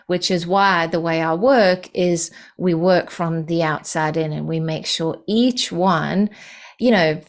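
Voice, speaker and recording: Calm woman, lowish voice. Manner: calm, patient explaining with frequent fillers. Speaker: podcast guest, energy healing practitioner. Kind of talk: explanatory interview talk.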